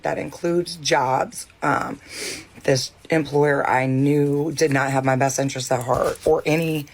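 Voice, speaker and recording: A mother calmly and matter-of-factly recounting how she lost her home. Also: low voice. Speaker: parent sharing her story. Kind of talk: personal vlog.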